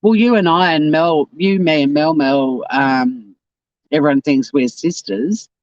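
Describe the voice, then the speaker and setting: A low-pitched, darkish-toned Australian woman with a South Australian accent talks at a measured pace while hosting a casual YouTube livestream. Reading out comments, she rambles bluntly and swears; the audio is dull with no room sound.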